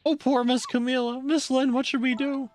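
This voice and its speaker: A man voicing an eager, excitable little male dog with a yappy, high-strung manner. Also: normal speed, slight background noise. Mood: anxious.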